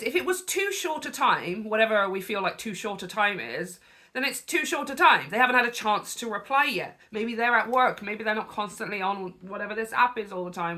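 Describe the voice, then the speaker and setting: A woman with a bright, crisp voice talks through screenshots in a lively, conversational way. She drifts into preachy asides as she explains her views as a spiritual coach. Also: medium pitch. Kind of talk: reaction commentary.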